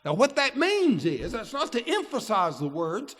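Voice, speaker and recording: A man's voice: high voice, huge pitch swings, moderate pace, fairly bright tone. Male preacher, folksy sermon delivery, church hall with a long echo. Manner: folksy, asks the congregation questions.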